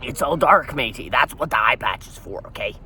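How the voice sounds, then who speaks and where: A man's voice: medium pitch, lively intonation, fairly quick, bright, forceful tone, a little hiss or hum. A man hosting a comedy show in character as a pirate, rambling through rants and calling everyone "matey". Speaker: podcast host. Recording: voice a bit distant from the mic.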